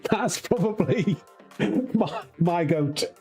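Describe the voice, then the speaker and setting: A rambling, easygoing Yorkshire man talks to his live stream chat as he plays a racing game, his voice sitting a little high and swinging widely in pitch. Faint music plays under him the whole time. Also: lively intonation, very slow, darkish tone. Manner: chatty, rambling, laughs easily.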